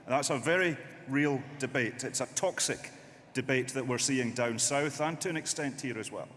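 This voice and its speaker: A man's voice: medium pitch, moderate pace, a bit bright. A man giving an impassioned, rhetorical political speech at a conference, repeating his points for emphasis. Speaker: conference delegate speaker. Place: large conference hall. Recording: long hall reverb, faint noise.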